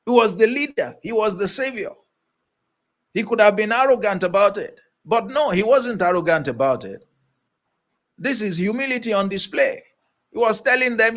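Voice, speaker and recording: A man's voice: high voice, expressive, normal speed, a bit bright. A man giving a motivational leadership lesson in an emphatic, preacher-like way, repeating his key points. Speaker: leadership coach.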